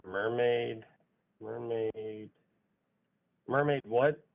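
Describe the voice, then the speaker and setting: A man's voice: medium pitch, steady tone, very slow, vocal fry. Confused man on a tinny phone line. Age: 30s. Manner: confused, asks questions. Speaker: caller.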